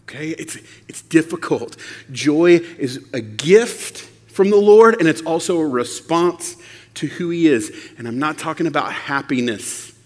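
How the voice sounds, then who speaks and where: A man preaching a sermon, conversational and animated, asking the audience rhetorical questions. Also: on the high side, measured pace, in a large hall. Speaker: pastor.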